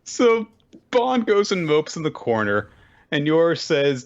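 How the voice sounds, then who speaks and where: A man co-hosting a casual manga recap podcast, retelling chapters with animated jumps into high character voices and frequent laughter. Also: slow, dull audio. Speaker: podcast co-host.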